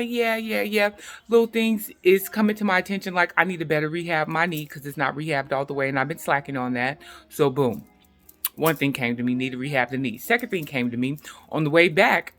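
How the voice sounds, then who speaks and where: A woman's voice: sits low, a bit bright. A middle-aged woman vlogging to camera in a chatty, emphatic way, repeating herself for stress. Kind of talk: casual talk to camera.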